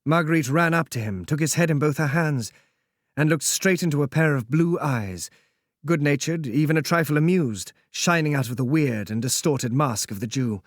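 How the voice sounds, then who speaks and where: Male audiobook narrator: slightly high voice, measured solemn classic-novel reading, dry studio sound. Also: no room sound.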